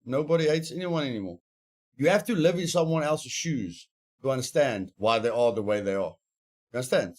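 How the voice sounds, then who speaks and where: A man streaming a survival game, talking casually, rambling and joking in a mock-serious way. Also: mid-range voice. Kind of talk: casual gameplay chat.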